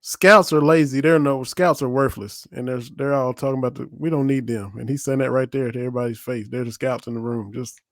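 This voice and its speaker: A man's voice: medium pitch, steady tone, fairly quick, hardly any pauses. Laid-back man chiming in. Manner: laid-back, chimes in with short agreements and jokes. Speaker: sports radio host. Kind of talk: casual sports talk.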